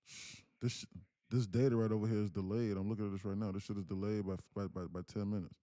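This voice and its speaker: A man's voice: fairly low pitch, level tone, fast, mellow, dry recording. A man live-streaming his day trades, talking casually to his chat and breaking into laughter.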